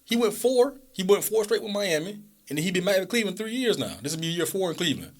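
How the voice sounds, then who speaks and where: Lively fast-talking young man. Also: high-pitched. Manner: animated, argumentative, fast-talking. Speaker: podcast co-host. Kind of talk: casual sports debate.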